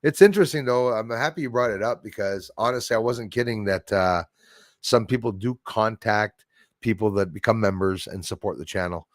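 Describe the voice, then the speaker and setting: A man with a French Canadian accent hosting a casual livestream, rambling through viewer comments with frequent chuckles and sudden loud bursts. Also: on the low side, normal speed, no echo, studio quality. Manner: rambling, chuckling, jumps loudly between topics. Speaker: livestream host.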